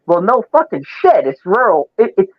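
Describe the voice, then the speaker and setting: A man with a Wisconsin accent rants in casual talk, swearing freely and swinging his voice up and down. His pitch sits a little high for a man. The audio is dull and lo-fi, like a stream. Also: sing-song, normal speed. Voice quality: profane, ranting, emphatic. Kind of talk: casual chat.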